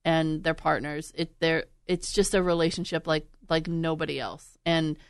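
A woman hosting a podcast in casual chat, chatty and laughing, quick to act out animals. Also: deep voice, steady tone, smooth, no room sound, clean studio sound. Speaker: podcast host and radio producer.

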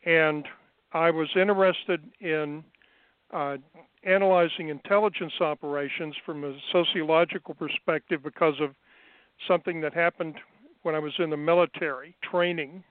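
A man as an interview guest, recounting his past in an unhurried, measured way with frequent fillers, heard over a phone line. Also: on the high side, steady tone, clean tone, dry recording. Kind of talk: remote interview, recounting experiences.

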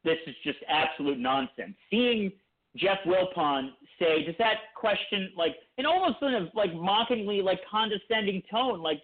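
A man's voice: high-pitched, expressive, normal speed. A man co-hosting a podcast in casual chat, rambling through long points with frequent restarts. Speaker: podcast co-host. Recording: tinny phone-like line.

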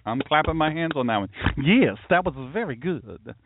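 A man's voice: fairly high pitch, normal speed, background noise. Sarcastic man, tinny phone-like sound. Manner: mocking, animated, talks to imagined audience. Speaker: pastor. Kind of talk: sarcastic commentary monologue.

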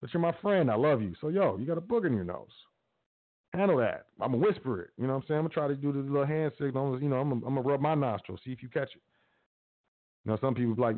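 In a motivational talk for his podcast, a man with an expressive mid-range voice preaches fast and casually. He keeps urging listeners repetitively, and the recording has a tinny, phone-like quality.

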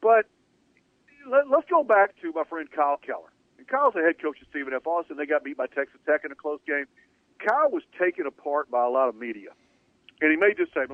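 A man's voice: fairly high pitch, dry recording. A man hosting a sports talk radio show, talking emphatically and at length, restarting phrases as he builds his points. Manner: emphatic, opinionated, rambling with restarts. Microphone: studio radio mic. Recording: dry phone-like radio audio.

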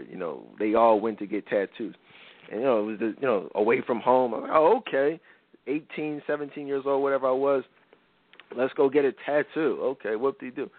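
Man talking on narrow lo-fi radio. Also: no room sound. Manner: animated storytelling, acts out quotes with big pitch jumps. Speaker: radio show host. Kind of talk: casual advice talk to listeners. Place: radio studio. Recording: phone-like narrow radio sound.

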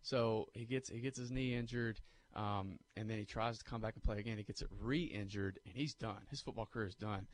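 A man co-hosting a sports radio show, telling movie scenes in a lively, animated way. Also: lowish voice, fairly quick, few pauses, slight background noise. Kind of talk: casual sports talk.

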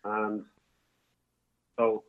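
A bar owner phoning in from home speaks extremely slowly in a fairly low, completely flat voice. The tinny line carries his long, rambling guest story, which is casual and riddled with restarts and fillers.

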